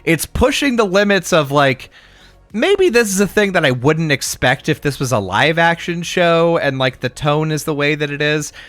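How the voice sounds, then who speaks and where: Lively, bright-voiced podcast guy. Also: fairly high pitch, moderate pace, no room sound, soft background music. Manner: profane, animated, argues his point at length. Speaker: podcast co-host. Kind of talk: casual chat.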